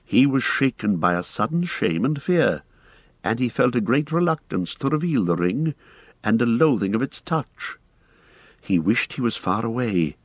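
A man narrating an audiobook in a measured, expressive way. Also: medium pitch, husky, dry recording.

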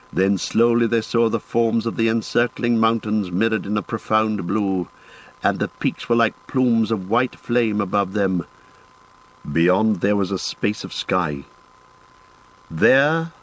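A man reading a fantasy novel aloud in a measured, descriptive narration. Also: on the low side, poor audio. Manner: measured, descriptive reading with lifted phrase starts. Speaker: audiobook narrator.

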